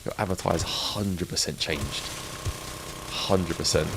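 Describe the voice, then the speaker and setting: A man's voice: sits low, measured pace, background noise. A middle-aged man with an English accent, chatting casually with his live-stream audience while he plays a game, reminiscing and laughing often.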